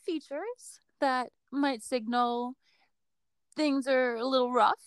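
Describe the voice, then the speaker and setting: A woman's voice: fairly high pitch, a little slow, smooth, dry recording. A woman co-hosting a podcast, telling an aviation story in a chatty, casual way with frequent laughs and fillers. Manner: chatty, laughs often, lots of fillers and hedges.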